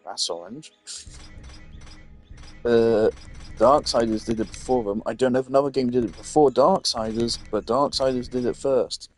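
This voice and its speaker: A tired young man narrates his own gameplay in a loose, opinionated ramble that often sinks into quiet mumbles. His voice sits at an ordinary middle pitch, and game music plays clearly behind him. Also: fairly even intonation, moderate pace. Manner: chatty and opinionated, trailing off into mumbles. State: tired, yawning. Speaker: gaming streamer. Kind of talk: casual let's-play commentary.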